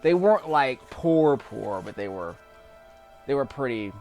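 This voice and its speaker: A man's voice: medium pitch, animated, unhurried, a little mellow. Man, casual gameplay commentary, rambling, frequent chuckles, faint game music underneath. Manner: rambling, chuckles often between remarks. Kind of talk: casual let's-play commentary.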